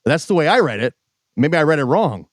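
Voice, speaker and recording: A man co-hosting a morning radio show, chiming in with quick opinions in casual banter. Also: fairly high pitch, big pitch swings, no room sound, studio quality. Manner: quick guesses, laughs along. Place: radio studio.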